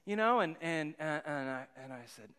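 A man's voice: on the high side, expressive, normal speed, bright, forceful tone, clean tone. A man in his thirties, a pastor giving a sermon with a rambling personal story, often repeating his words. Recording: long hall reverb.

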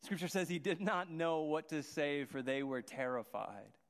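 A man's voice: on the high side, lively intonation, moderate pace. A man preaching a sermon, earnest and restarting his phrases as he goes. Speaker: pastor. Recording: long hall reverb.

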